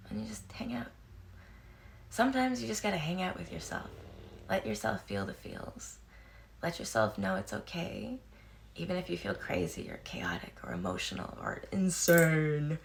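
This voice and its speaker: A woman's voice: on the low side, normal speed, gravelly, slight background noise. A woman in her thirties talking frankly and casually to camera, swearing freely, laughing often and acting out quoted voices. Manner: animated, acts out quoted voices. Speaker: vlogger.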